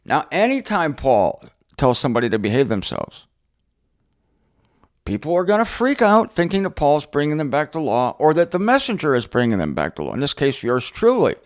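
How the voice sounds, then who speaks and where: A middle-aged man teaching the Bible in an unscripted monologue, sarcastic and animated as he answers objectors directly. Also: on the high side, moderate pace. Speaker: Bible teacher and show host.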